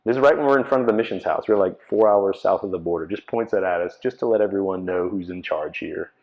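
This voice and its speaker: Man, 30s, very low voice, storytelling testimony, acts out quotes, muffled lo-fi sound. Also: fast talker. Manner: conversational storyteller who acts out dialogue. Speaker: speaker giving personal testimony. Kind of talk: storytelling talk to a live audience. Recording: dull lo-fi recording.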